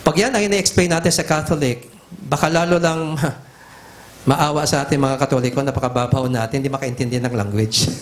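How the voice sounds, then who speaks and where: A man's voice: mid-range voice, steady tone, fairly quick. A middle-aged Filipino man preaching a teaching sermon, emphatic and repetitive, switching back and forth between languages. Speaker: pastor.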